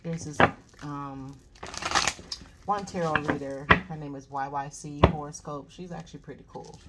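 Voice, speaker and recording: A woman with a low voice talks casually through a tarot reading. Her phrasing is chatty and drawn-out, and her words often trail off into soft murmurs. A loud steady noise runs under the recording. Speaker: tarot reader. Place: home reading space.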